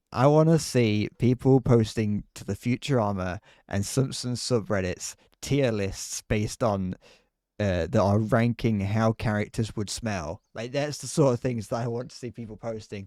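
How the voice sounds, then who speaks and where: A man's voice: lowish voice, unhurried, a little mellow, no echo, clean studio sound. Rambling British man streaming a game. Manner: rambling, laughs often, frequent restarts. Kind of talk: casual live-stream chat while gaming.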